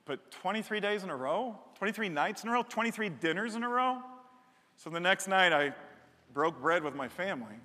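A middle-aged man preaching a sermon as a pastor, animated and joking, building to emphatic repeated lines on a stage microphone. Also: high voice, fairly quick. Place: large church hall. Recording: long hall reverb.

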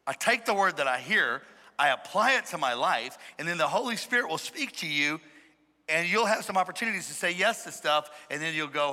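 A man preaching a sermon to a congregation, emphatic and playful, calling on the crowd to shout back. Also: a little high, lively intonation, brisk. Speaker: pastor. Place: large church hall. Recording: echoey hall reverb.

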